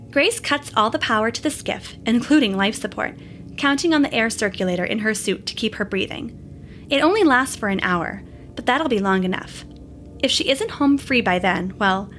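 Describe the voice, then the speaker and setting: A woman narrating a scripted space adventure story in a steady, descriptive way. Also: a little high.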